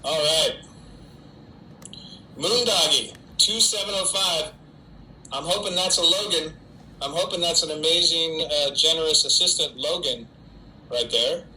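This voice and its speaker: A man's voice: a little high, sharp tone, slight background noise, rough recording. A middle-aged man, an actor, chatting casually and joking at his own expense on a live stream from home, answering fans' typed questions. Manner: chatty, self-mocking, talks to an unseen audience. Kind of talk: casual solo livestream chat. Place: home during quarantine.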